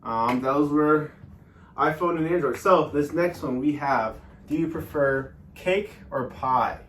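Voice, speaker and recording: A man teaching a guided workout lesson, explaining each step with many ums and pauses. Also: on the high side, a bit bright, recorded from a distance, a little hiss or hum. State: out of breath during exercise. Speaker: fitness instructor. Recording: echoey room, voice off-mic.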